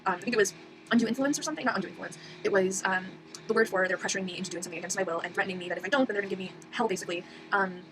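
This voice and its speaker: A woman's voice: medium pitch, rapid-fire. A young woman telling a personal story in a rambling casual monologue, full of fillers and restarts. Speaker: vlogger. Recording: audible background noise.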